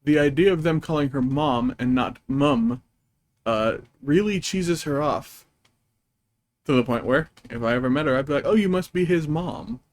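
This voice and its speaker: A man's voice: mid-range voice, moderate pace, no room sound. A man streaming a game, chatting in a rambling, amused way as he tells stories. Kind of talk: casual chat while gaming.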